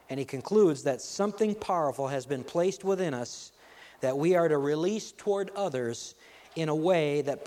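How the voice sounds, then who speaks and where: A pastor delivers a sermon in a slightly raised voice, pressing each phrase slowly and then driving hard at the peaks. His words carry a long reverb from a large hall. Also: a little high, darkish tone. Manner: slow, emphatic preaching with rising intensity.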